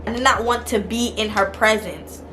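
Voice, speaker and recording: A young woman vlogger telling a personal story in a casual, animated way, talking straight to her viewers. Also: a little high, normal speed, background noise.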